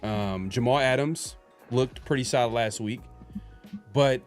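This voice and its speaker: A man's voice: mid-range voice, unhurried, faint music behind. Rambling male sports podcaster. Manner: rambling, hesitant, many fillers and restarts. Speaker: podcast host. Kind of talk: casual sports podcast chat.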